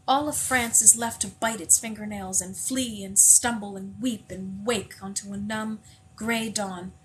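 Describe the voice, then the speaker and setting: A woman reading a novel aloud in a measured, unhurried way, slowing on vivid passages. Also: mid-range voice, fairly bright tone, slight background noise, poor audio. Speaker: audiobook reader.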